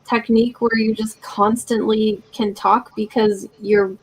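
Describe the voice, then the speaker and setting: A woman's voice: on the high side, level tone, a little slow, slight background noise, rough recording. A woman hosting a casual group chat, speaking candidly and bluntly. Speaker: podcast host.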